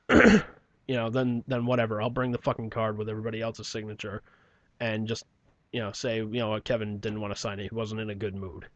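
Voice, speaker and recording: A man telling a personal story on a casual podcast, rambling and profane, often clearing his throat and trailing off quietly. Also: on the low side, flat delivery, a little fast, no room sound, muffled recording.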